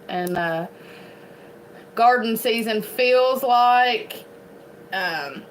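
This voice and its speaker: Casting: bright-voiced Appalachian woman, rambling homestead vlog chat, faint background noise. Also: a little high, rough recording. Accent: Eastern Kentucky Appalachian. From Eastern Kentucky. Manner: chatty, rambling, laughs often. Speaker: homestead vlogger. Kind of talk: casual chat to camera.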